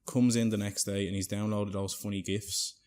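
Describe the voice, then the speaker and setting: Man, lowish voice, rambling anecdote, casual, salty language. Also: little pitch movement, moderate pace, a little mellow. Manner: rambling, peppered with "right?" and swearing.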